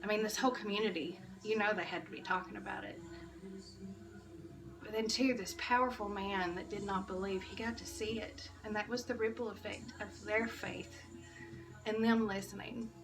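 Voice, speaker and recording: A woman's voice: mid-range voice, fairly even intonation, normal speed, recorded from a distance, rough recording. A woman giving an earnest, emotional devotional talk to church kids, restarting her phrases often. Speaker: church kids' devotional speaker. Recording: music behind, voice a bit off-mic.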